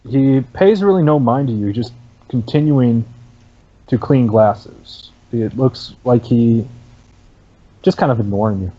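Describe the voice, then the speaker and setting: A man's voice: medium pitch, slow, mellow, lo-fi sound. A man narrating as game master for a tabletop game, casual and full of fillers. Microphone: online voice chat mic.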